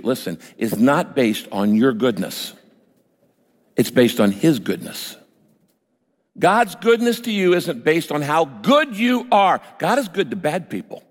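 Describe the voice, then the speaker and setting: An older man preaching a sermon as pastor, telling a personal story and building to emphatic outbursts. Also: medium pitch. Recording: long hall reverb.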